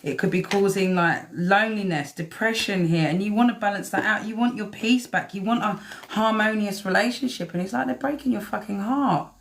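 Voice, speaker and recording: A woman's voice: mid-range voice, brisk, few pauses, a little hiss or hum. A woman doing a live-stream tarot reading, chatty and swearing freely as she talks to the cards. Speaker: tarot reader.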